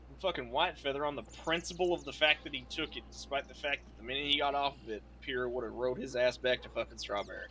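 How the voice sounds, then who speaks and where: Guy in character telling a cussing story, gravelly edge, faint hiss behind. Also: medium pitch, fast talker, few pauses. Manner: profane, animated retelling with quoted dialogue. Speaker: roleplay streamer in character. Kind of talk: in-character storytelling in a western roleplay.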